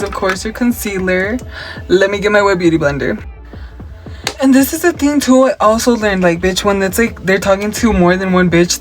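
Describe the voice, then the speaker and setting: A man's voice: high-pitched, fairly bright tone. Sassy makeup vlogger man. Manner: sassy, profane, switching between English and Spanish slang. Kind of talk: casual chatty makeup tutorial with story time. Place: at home.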